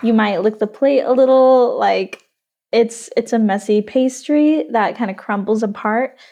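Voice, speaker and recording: A woman chatting as a podcast guest, lively and descriptive, with casual "like" and "um" fillers. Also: on the high side, measured pace, creaky.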